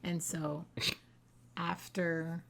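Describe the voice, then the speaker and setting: A young adult woman telling a family story to her viewers in casual vlog chat, acting out the dialogue with lively energy. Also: fairly low pitch, drawn-out words. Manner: animated, acts out quoted dialogue. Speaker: vlogger and mother.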